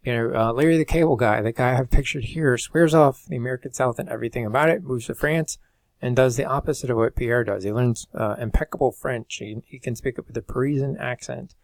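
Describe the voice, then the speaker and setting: A man lectures to a class over slides in an easygoing, thinking-aloud way, tossing out rhetorical questions. His mid-pitched voice has a gravelly edge, recorded close and dry. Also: a little fast, no echo. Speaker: college instructor.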